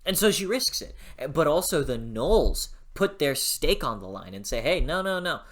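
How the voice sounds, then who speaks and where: A book reviewer in a casual video review who gushes excitably, laughs often and swears freely. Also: mid-range voice, moderate pace.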